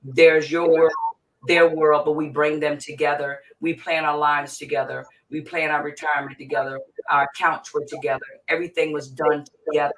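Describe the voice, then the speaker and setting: A woman's voice: deep voice, flat delivery, moderate pace. A middle-aged woman, a mental health therapist, speaking as an interview guest in an emphatic, repetitive and impassioned way. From Virginia, USA. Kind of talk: emotional interview talk. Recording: distant mic with faint noise.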